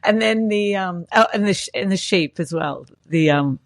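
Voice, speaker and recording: A woman's voice: mid-range voice, normal speed, no room sound, clean studio sound. A woman hosting a podcast, chatting casually and laughing often as she tells anecdotes. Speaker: podcast host. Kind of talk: casual conversational interview.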